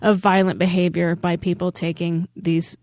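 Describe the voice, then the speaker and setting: A woman's voice: fairly low pitch, flat delivery, normal speed, darkish tone, no echo, studio quality. A woman co-hosting a comedy podcast, talking conversationally and sharing what she found, with a few fillers. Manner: conversational, reports research with fillers. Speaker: podcast co-host. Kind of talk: casual chat.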